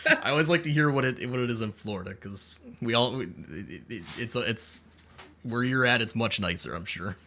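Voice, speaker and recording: A man hosts a casual podcast with a bright, forceful voice. He sounds upbeat but halts often and restarts his sentences as he talks. His pitch sits in the middle range for a man. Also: lively intonation, creaky. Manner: upbeat, halting with many restarts. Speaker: podcast host.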